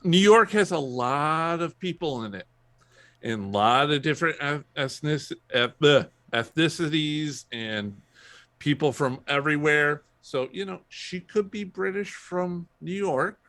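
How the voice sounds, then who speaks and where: A man co-hosting a casual podcast chat, his voice a touch higher than most and recorded close and completely dry. His delivery is sardonic and deadpan-dry. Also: measured pace, no room sound. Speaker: podcast co-host.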